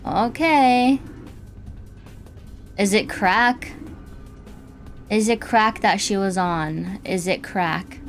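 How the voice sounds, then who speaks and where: A woman's voice: medium pitch, drawn-out words, long pauses, faint music behind. A woman commenting casually while playing a game, swearing and squealing when startled. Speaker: gaming streamer. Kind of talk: casual let's-play commentary.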